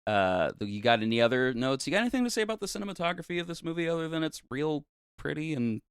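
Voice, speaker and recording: A man's voice: on the high side, very animated, quick pace, clean tone, no room sound, clean studio sound. A man co-hosting a casual movie review podcast, joking around and laughing often. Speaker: podcast co-host.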